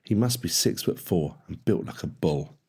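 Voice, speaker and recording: Deep-voiced male audiobook narrator. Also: expressive, moderate pace, vocal fry, a little mellow, husky. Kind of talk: scripted narration.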